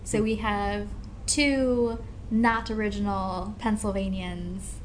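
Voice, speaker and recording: A woman's voice: medium pitch, steady tone, takes it slowly, a little hiss or hum. Tired, rambling woman podcast host. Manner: rambling, self-mocking and chatty. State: tired from no sleep. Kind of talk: casual podcast chat. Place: venue during sound check.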